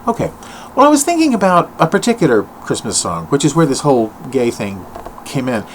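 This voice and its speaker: A man's voice: mid-range voice, sing-song, brisk, rough recording. An older man talks through an improvised comic bit at home, wandering off on tangents and poking fun at himself. His voice swoops up and down with great animation. A faint background hiss sits under the recording. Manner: rambling, tangent-prone, self-mocking, with sudden sung and mock-voiced asides. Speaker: solo comedic vlogger.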